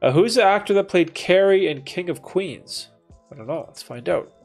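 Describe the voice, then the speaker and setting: A man's voice: sits high, animated, moderate pace, vocal fry, soft background music. A man in his thirties hosting a livestream, reading chat and talking in a casual, laid-back way, with frequent dude and bro and some swearing. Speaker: livestream host answering chat.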